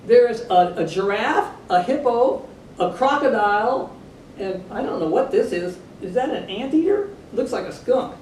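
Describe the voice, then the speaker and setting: Chatty woman reading a storybook to kids. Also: normal speed. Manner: chatty, animated, adds asides to the kids. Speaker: storybook reader for children. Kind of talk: reading a picture book aloud to children. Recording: echoey room, distant mic, low rumble.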